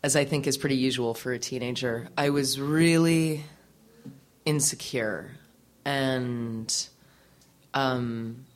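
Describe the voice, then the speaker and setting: A slow, rumbling low female voice belongs to a musician being interviewed. She's animated as she candidly relates something from her teens, laughing a lot, cursing casually and filling her speech with fillers.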